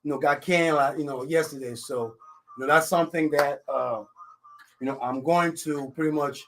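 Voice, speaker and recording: Rambling African radio host, French accent. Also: male voice, on the high side, steady tone, moderate pace, fairly bright tone. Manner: rambling, constant "you know what I'm saying" fillers; confident, jokey. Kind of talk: casual live radio talk. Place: radio studio. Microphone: studio microphone.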